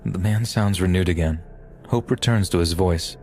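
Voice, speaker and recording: Deep-voiced man narrating a dark story. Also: normal speed, hardly any pauses. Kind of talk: scripted horror story narration. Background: faint music.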